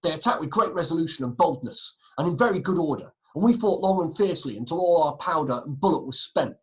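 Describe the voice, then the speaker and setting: A stern parliamentarian soldier recounts the fighting, voiced by a man. The delivery is loud and declaiming, pitched a little above his natural range. It sounds like a dramatic reading in a classroom video. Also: animated, fast talker, close to an everyday voice. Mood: grim, resolute. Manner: declaiming in a put-on voice, louder and slightly higher.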